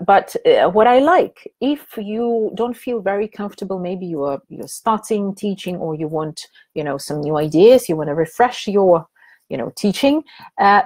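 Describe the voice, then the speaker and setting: A woman's voice: mid-range voice, a little mellow. Chatty woman presenting a webinar. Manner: chatty, hesitant, many fillers and restarts. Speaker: teacher trainer presenting a webinar.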